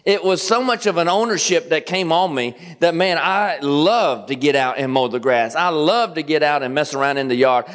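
Joking Southern preacher in a church. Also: male voice, fairly high pitch. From Kentucky. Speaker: guest pastor. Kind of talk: sermon. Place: church sanctuary. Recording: long church reverb.

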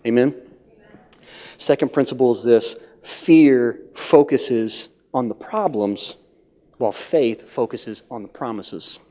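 A man preaching a sermon as pastor of a church, swinging from hushed near-whispers to loud, high-pitched acted-out voices. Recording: long hall reverb.

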